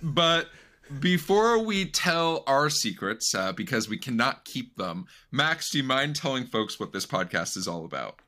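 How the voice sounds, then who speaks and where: A man's voice: mid-range voice, sing-song, a little slow, pushed and bright. A man hosting a podcast in casual, playful chat, laughing often. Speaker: podcast host.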